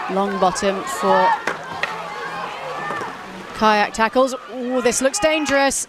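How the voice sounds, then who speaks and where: A woman calls a live match in quick play-by-play, her voice pitched a little high and lifting into shouts when play turns exciting. A loud crowd and steady outdoor noise sit behind her throughout. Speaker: commentator. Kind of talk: live sports commentary.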